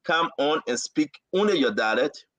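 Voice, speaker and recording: Male host, fairly high voice, lively and pleading, keeps callers in line. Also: normal speed, muffled recording. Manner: animated, pleading asides, directs callers. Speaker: talk show host and moderator. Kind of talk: online call-in talk show.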